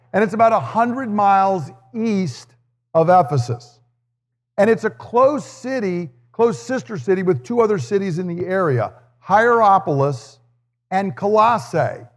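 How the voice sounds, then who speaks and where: Earnest male pastor in a reverberant hall. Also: sits high. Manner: earnest, explanatory teaching with light humor. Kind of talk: sermon with scripture reading.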